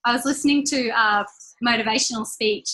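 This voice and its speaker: Bright, high-voiced motivational woman. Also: low-quality recording. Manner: upbeat, repeats key lines slowly for emphasis; chatty and personal, laughs between points. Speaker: team leader giving a training call. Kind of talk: motivational talk on a group call.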